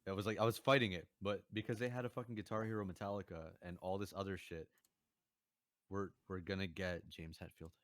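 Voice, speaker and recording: A man's voice: sits low, fairly even intonation, a little fast, no room sound. A man co-hosting a casual gaming podcast, loose and joking with profanity. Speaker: podcast co-host.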